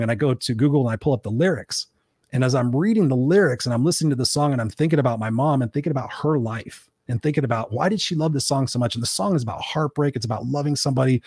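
A man's voice: mid-range voice, darkish tone, husky, no room sound, studio quality. A man hosting a podcast, telling a candid, emotional personal story with lots of restarts. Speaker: podcast host. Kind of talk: personal storytelling in casual talk.

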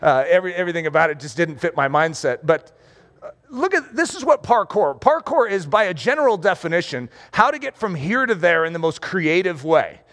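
A middle-aged male pastor preaching a playful sermon, acting out scenes and shouting for effect. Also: a little high, expressive, a little fast. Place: room with rows of chairs.

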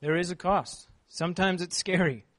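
A man preaching a sermon, reading scripture and then telling a personal story in an earnest, animated way. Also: high voice, moderate pace.

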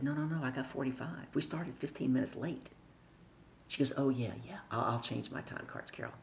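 A woman's voice: extremely low pitch, vocal fry, highs cut off. A middle-aged woman, a podcast guest, telling a story in conversation and acting out the people she quotes.

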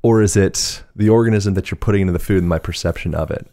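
Deep-voiced man musing dryly. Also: fast talker, dark tone, no room sound, clean studio sound. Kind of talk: casual podcast conversation.

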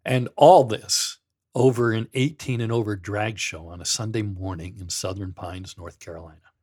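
A man's voice: fairly low pitch, moderate pace, darkish tone, breathy edge. A middle-aged man, a former pastor, hosting a podcast in a sarcastic, mocking monologue, reading quotes aloud with dramatic flair. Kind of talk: sardonic monologue.

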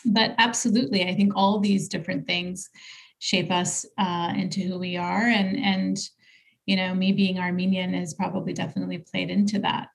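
A woman's voice: lowish voice, flat delivery, moderate pace, vocal fry. A woman guest and leadership coach in a conversational interview, talking thoughtfully with frequent fillers and restarts. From United States.

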